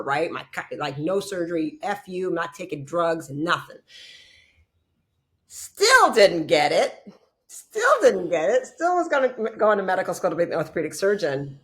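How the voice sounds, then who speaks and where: A woman chiropractor telling her story in an interview, blunt and animated, acting out past conversations and swearing freely. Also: low-pitched. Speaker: chiropractor and podcast guest.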